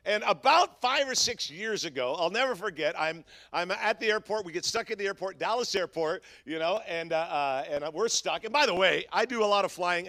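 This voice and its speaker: Middle-aged male pastor, high bright voice, lively storytelling sermon. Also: no echo. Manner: storytelling, animated and humorous.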